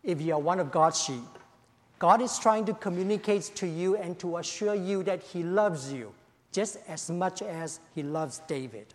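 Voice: mid-range voice, moderate pace. A pastor leading an opening prayer and then preaching a sermon, speaking emphatically, repeating key phrases and often saying "you know". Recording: long reverb of a large hall.

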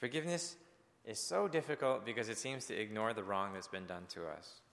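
A man's voice: fairly low pitch, a little fast, fairly bright tone, long reverb tail. A male pastor preaching a sermon in an earnest, conversational way, speaking directly to his congregation.

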